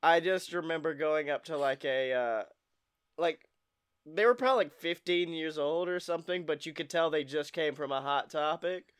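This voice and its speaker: A man hosts a podcast in loose, casual chat. His voice sits high and sounds smooth and clear. He jokes around and swears freely as he talks. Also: moderate pace. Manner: swears freely, jokey and animated. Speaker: podcast host.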